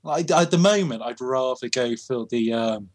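A man's voice: medium pitch, expressive, moderate pace. A man co-hosting a podcast, chatting casually with dry quips and short interjections. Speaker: podcast co-host. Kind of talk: casual chat.

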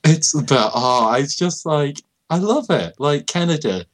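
A man's voice: a little high, lively intonation, a little slow, fairly bright tone. A young man co-hosting a casual comedic chat, who rambles through stories with lots of fillers and keeps breaking into laughter. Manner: giggly, rambling with many fillers. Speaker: podcast co-host.

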